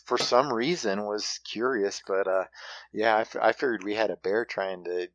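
A man with a very low voice tells a story in a loose, halting way, often restarting his sentences. The sound is close and dry, with no room around it. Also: fairly bright tone, dry recording, lo-fi sound. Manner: halting, with frequent restarts and fillers. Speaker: hunting guest telling a story. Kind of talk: casual storytelling.

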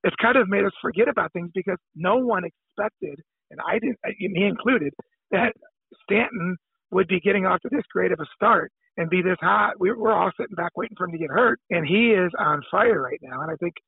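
Fast-talking man on a tinny phone line. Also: high-pitched, vocal fry, breathy edge, no echo. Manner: rambling, repeats words while thinking. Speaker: podcast guest, former ballplayer. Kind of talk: phone-in interview chat.

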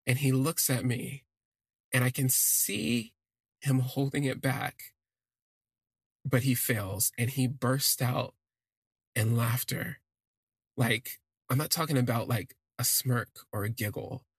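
A man telling a personal story in an expressive, self-deprecating way, drifting into asides. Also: medium pitch, slow pace, gravelly, long pauses, breathy edge, no room sound, clean studio sound. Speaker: podcast storyteller.

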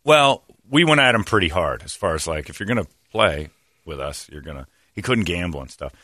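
A man with a low but bright voice tells a comic story, rambling and animated and laughing as he goes. His pitch swings widely, and the recording is close and dry. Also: fairly quick, no room sound. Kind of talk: comedic storytelling.

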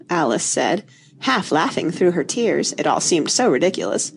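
A woman narrating a storybook audiobook, her voice sitting low for a woman. Her delivery is expressive and swings widely in pitch. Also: normal speed, gravelly, slightly rough.

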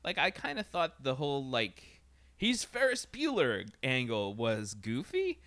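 A man chatting casually as a podcast co-host, animated, swearing often and humming sound effects. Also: mid-range voice, measured pace, dry recording. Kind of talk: casual chat.

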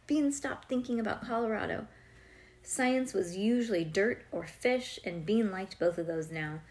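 A young woman reads a children's chapter book aloud in a lively way, stopping now and then for playful asides to someone sitting close to her. Her voice sits at an ordinary middle pitch. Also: moderate pace. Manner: lively, breaks off to chat and joke with a listener nearby. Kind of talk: reading a storybook aloud with asides.

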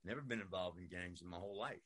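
A man's voice: low-pitched, quick pace, fairly bright tone, husky. An older man from Brooklyn telling his own story in a rambling, profane way, peppered with "man" and "you know". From Brooklyn, New York. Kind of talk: personal storytelling monologue.

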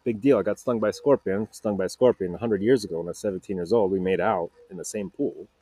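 A man's voice: low-pitched, quick pace, warm tone, slightly rough, no echo. A man in his thirties hosting a podcast, telling a personal story casually, stumbling over repeated words and fillers. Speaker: podcast host.

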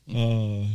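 A man's voice: lowish voice, clear, resonant tone, dry recording. A man hosting a podcast, leading a casual joking chat with friends. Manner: relaxed joking banter, leads the segment. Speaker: podcast host.

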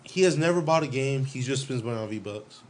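A man chats on a podcast in an easy, slangy way at a mid pitch. He ribs his friends and tells relaxed stories. Nothing about him is forced. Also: fairly quick. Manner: laid-back, slangy, teasing. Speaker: podcast co-host. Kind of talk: casual chat.

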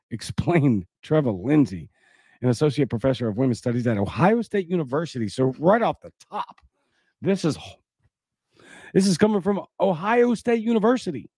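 A man's voice: medium pitch, darkish tone, no room sound. Guy hosting a podcast, sarcastic and worked up, dry close mic. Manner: sarcastic, indignant, breaks off into mocking asides. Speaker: podcast host. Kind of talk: opinionated commentary reading an article aloud.

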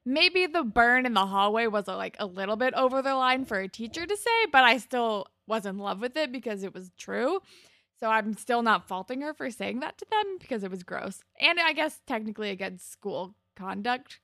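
A woman's voice: a little high, very animated, normal speed, bright, forceful tone, no room sound, studio quality. A young woman co-hosting a casual recap podcast, retelling scenes with laughs and the odd swear. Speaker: podcast co-host.

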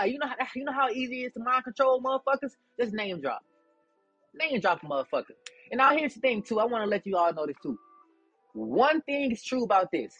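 Profane, defiant young man, husky voice. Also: very high voice, a bit bright, muffled recording. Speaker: podcast host. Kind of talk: casual rant to listeners.

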